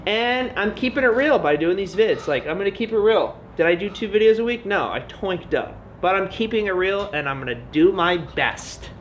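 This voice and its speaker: A young man chatting casually in a Q&A vlog, goofy and animated, now and then breaking into loud high-pitched yelps. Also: moderate pace, hardly any pauses, slight background noise. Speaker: vlogger.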